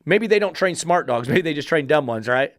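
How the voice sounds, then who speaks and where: A man's voice: on the high side, lively intonation, a little fast, a bit bright, no echo, studio quality. A man who trains dogs, giving an instructional monologue in a blunt, profane, emphatic style full of rhetorical questions. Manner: rhetorical, lecturing. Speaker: dog trainer.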